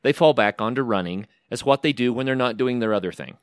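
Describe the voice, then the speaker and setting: A man's voice: mid-range voice, fast, clean tone, dry recording. A man hosting a podcast, chatting with enthusiasm and encouraging his guest. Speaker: podcast host. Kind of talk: casual interview chat, reads ads.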